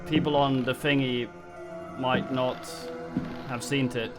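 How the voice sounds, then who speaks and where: A man's voice: medium pitch, flat delivery, slow, over music. A man streaming a game live, talking casually in a rambling, mumbling way with frequent swearing.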